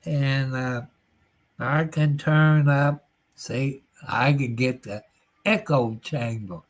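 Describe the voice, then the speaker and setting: A man's voice: medium pitch, fairly even intonation, extremely slow. A man hosting a casual livestream chat, folksy and drawn out, chuckling now and then. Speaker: livestream host.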